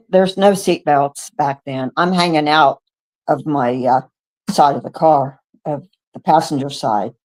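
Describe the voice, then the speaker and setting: An older woman in her seventies from the United States, a guest on a radio show, telling her own story with lively acted-out dialogue, stumbling and restarting as she goes. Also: fairly low pitch. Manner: animated storyteller who acts out quoted dialogue, with stumbles and restarts. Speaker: guest witness. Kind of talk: first-person storytelling. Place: radio studio.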